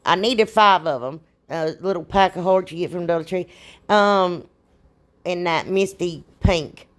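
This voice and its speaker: A woman's voice: on the low side, a little slow. A woman, hosting a crafts channel, chatting in a rambling, folksy way as she talks through her projects. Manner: rambling and folksy, says y'all often. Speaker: DIY crafts channel host.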